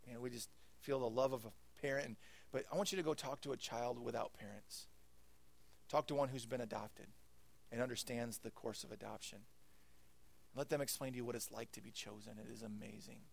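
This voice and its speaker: A male pastor preaching a sermon in an earnest way, swinging between hushed, intimate lines and loud, emphatic ones. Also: medium pitch, steady tone, brisk, creaky.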